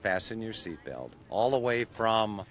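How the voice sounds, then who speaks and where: A folksy man reports live from an outdoor car show, his lively voice rising and falling freely. A faint outdoor hum sits behind him. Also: fairly low pitch, unhurried. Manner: folksy, upbeat, lively delivery. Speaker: TV field reporter. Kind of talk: live on-location broadcast interviews.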